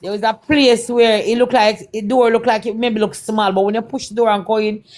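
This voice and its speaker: A Jamaican woman, appearing as a guest performer, gives a personal testimony in Patois-laced speech. Her voice is fairly high, steady and somewhat dark, and she talks fairly quickly, repeating herself and acting out the dialogue of her story in quoted lines.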